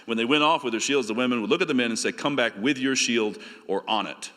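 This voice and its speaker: A male pastor from the South, preaching a conference sermon in a casual, conversational way that slows for scripture. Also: mid-range voice, pushed and bright. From American South. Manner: conversational, emphatic, slowing down for scripture readings. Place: church hall. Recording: long reverb of a church hall.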